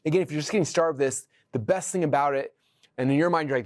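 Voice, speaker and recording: A man teaching a live workshop to an audience, energetic and excitable, acting out his own thoughts as he goes. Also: fairly high pitch, fast talker.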